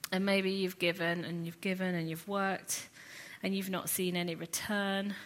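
A woman teaching a sermon series, retelling a scripture story in an earnest, reflective way with lively asides. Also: lowish voice. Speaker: Bible teacher.

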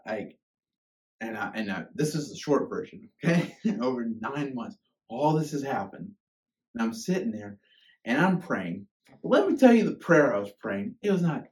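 A man's voice: mid-range voice, big pitch swings, normal speed, darkish tone. A man in his thirties preaching a personal, emotional sermon in a conversational way, often checking in with "okay?". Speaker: pastor. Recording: voice from far off the mic.

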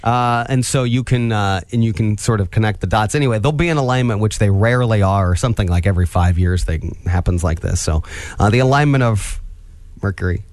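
A man's voice: fairly low pitch, a little fast, a little mellow, dry recording. A middle-aged man co-hosting a morning radio show, rambling and joking with many fillers. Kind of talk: casual radio banter. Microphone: studio microphone.

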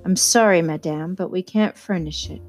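Woman reader doing a stiff, booming male butler. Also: moderate pace, a little mellow, faint music behind, natural voice. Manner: formal, booming into a telephone.

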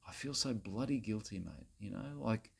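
Here a man gives a full character voice, low, husky, gravelly and darkish, with lively intonation and a moderate pace. His comedy monologue casts him as a crude, self-righteous Australian bloke lecturing women in a preachy, rambling, repetitive satirical rant to camera, peppering every phrase with "mate" and "bloody."

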